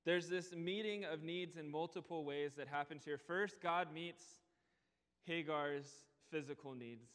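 A young man preaching a sermon in earnest tones, slowing down to press on key words. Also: a little high, a bit bright, clear, resonant tone. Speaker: pastor. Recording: long hall reverb.

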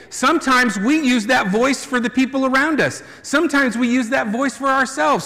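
A man preaching a sermon as a pastor, conversational and animated, with playful asides. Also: very high voice, moderate pace, vocal fry, few pauses, in a large hall.

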